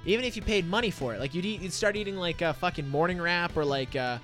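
Animated, foul-mouthed podcast host, man. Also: sits high, faint music behind. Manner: animated, swearing, quick jokes. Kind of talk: casual chat.

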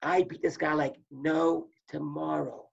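A man's voice: fairly high pitch, a little slow, creaky, breathy edge, lo-fi sound. A man, a former wrestler, telling stories in casual talk and acting out what people said. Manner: animated storyteller acting out quotes. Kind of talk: casual storytelling.

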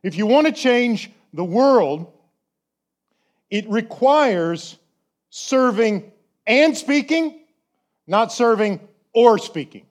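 A pastor preaching a sermon, chatty and full of rhetorical questions, slowing down to stress key words. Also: male voice, very high-pitched, big pitch swings.

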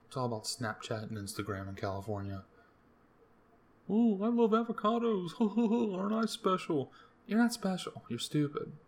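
A young man from the US East Coast hosting a podcast alone, rambling through profane, jokey rants with sudden jumps in pitch. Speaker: podcast host. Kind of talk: casual solo rambling monologue.

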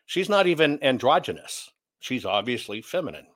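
A man's voice: mid-range voice, sing-song, moderate pace, a bit bright. A man hosting an opinionated commentary show, blunt and sarcastic as he rants. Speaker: commentary host.

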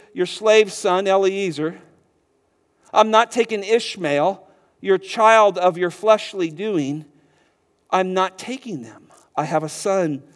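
A man preaching a sermon, animated and chuckling now and then as he repeats words and teaches through a passage. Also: high-pitched. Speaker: pastor.

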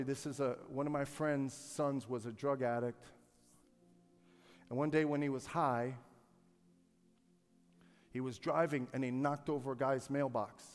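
A pastor preaching a sermon to his congregation, calling for responses and swinging from quiet storytelling to loud, shouted peaks. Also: medium pitch, fairly even intonation, a little slow, long pauses, in a large hall, faint music behind. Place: church sanctuary.

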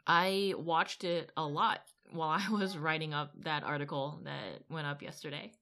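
A woman's voice: deep voice, steady tone, normal speed, pushed and bright. A woman co-hosting a podcast in casual chat, laughing often as she tells stories. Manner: laughing, storytelling, profane. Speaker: podcast co-host.

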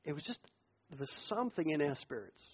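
Preaching quickly with a breathy edge to his high voice, this middle-aged pastor from the UK weaves animated personal stories into his sermon in a chatty manner. The lo-fi, dull recording carries a long echo as if in a hall.

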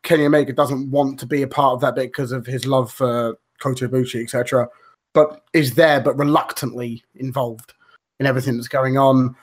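A man's voice: medium pitch, steady tone, fairly quick. Rambling man, casual podcast chat. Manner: rambling, swears freely, many fillers and restarts. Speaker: podcast co-host.

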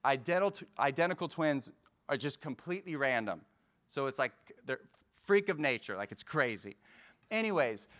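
A man preaching a sermon in a relaxed, conversational way, acting out quotes with bursts of energy. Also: fairly high pitch. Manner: conversational, animated retelling with acted-out quotes. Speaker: pastor.

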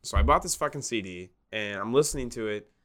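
A man's voice: on the low side, expressive, fast, a bit bright. A young man co-hosting a podcast, telling a story in casual chat, swearing often and laughing as he goes. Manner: swears a lot, laughs while telling stories. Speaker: podcast co-host.

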